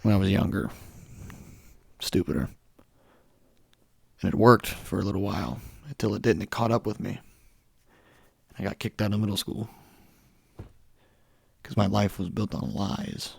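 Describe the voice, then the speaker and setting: Hoarse young man ranting bluntly. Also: lowish voice, measured pace, pauses often, a little mellow, no echo, studio quality. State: hoarse from a cold. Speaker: podcast host. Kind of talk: solo podcast monologue.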